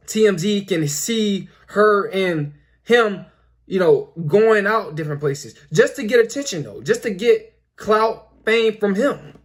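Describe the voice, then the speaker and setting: Young male host, high voice, preachy and repetitive, filler-heavy casual monologue. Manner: repetitive, preachy, lots of "you know" fillers. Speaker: commentary video host.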